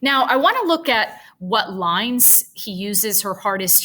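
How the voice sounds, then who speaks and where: A woman teaching a writing lesson, thinking aloud as she slowly drafts a paragraph sentence by sentence. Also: a little high, expressive, bright, forceful tone, low-quality recording.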